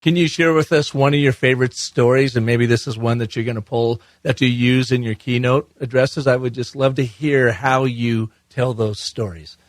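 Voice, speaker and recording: A man's voice: medium pitch, steady tone, normal speed, few pauses, no echo. Curious male podcast host. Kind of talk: interview questions.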